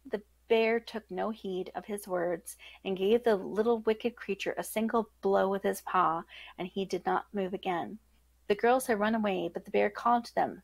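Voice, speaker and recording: A woman podcast host reading a fairytale aloud in a steady storybook manner. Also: mid-range voice, normal speed, gravelly, dry recording, rough recording. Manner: steady storybook narration with self-corrections.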